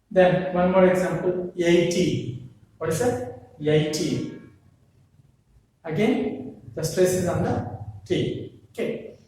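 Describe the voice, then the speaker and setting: A man gives a lecture slowly, pausing often and asking rhetorical questions. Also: high-pitched, mellow, heavy reverb, far from the mic, low-quality recording. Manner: slow, with frequent pauses and rhetorical questions. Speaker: English lecturer. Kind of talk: classroom lecture.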